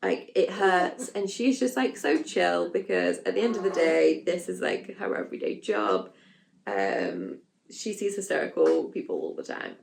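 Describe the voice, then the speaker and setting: A woman's voice: on the low side, very animated, moderate pace, creaky, darkish tone. A young woman vlogger telling her own story frankly and casually, full of fillers and asides, acting out her own panicked quotes. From England. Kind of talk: candid storytelling vlog.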